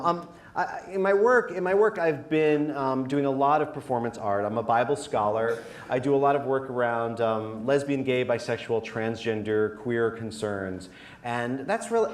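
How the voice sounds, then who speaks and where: Theatrical man in an echoey room. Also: medium pitch. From New York and Connecticut. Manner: theatrical, shifts into mock voices. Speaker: speaker, performance artist. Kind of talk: comedic talk with acted voices.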